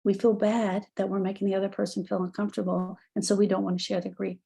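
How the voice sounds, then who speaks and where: A woman's voice: mid-range voice, little pitch movement, fast, vocal fry, hardly any pauses, mellow, husky. A middle-aged woman speaking as a grief coach, talking earnestly and encouragingly straight to the listener. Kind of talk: motivational talk.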